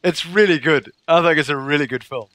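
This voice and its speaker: A man's voice: on the high side, fairly quick, a bit bright, no room sound. A man chatting casually with his viewers during a game livestream. He laughs often. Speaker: game streamer.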